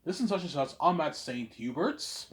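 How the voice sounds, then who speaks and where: A chatty young woman with a French accent, as a man quotes her in his own voice, casual and breezy. The quoting stays near his usual pitch and has only a light touch of acting. The delivery is relaxed and conversational. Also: moderate pace.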